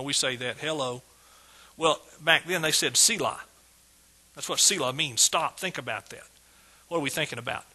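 Bright, husky-voiced man preaching a sermon. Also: a little high, low-quality recording. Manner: emphatic preaching with sudden loud bursts and asides.

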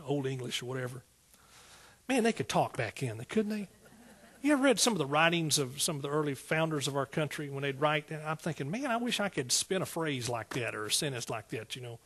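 Husky preacher man delivering a sermon. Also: fairly high pitch, animated, brisk, a bit bright. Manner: rises to emphatic exclaiming peaks; Southern "y'all" speech.

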